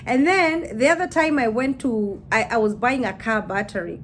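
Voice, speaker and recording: A woman's voice: sits high, sing-song, a little slow, a bit bright, slight background noise. A woman chatting casually to her camera, laughing as she acts out what people say. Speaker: YouTuber.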